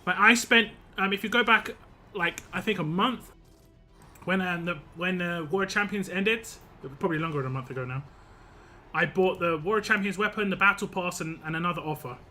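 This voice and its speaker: A man's voice: high voice, normal speed, sharp tone, soft background music. A young man streaming a game live, chatting casually with viewers, rambling and laughing often.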